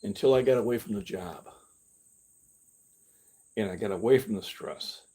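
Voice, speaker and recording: A man's voice: fairly low pitch, moderate pace, mellow, husky. An older man hosting a fitness channel, talking candidly in a rambling live-stream, with many restarts. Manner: candid, meandering, with frequent restarts; acts out his own past reactions in a mocking voice. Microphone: camera he carries himself.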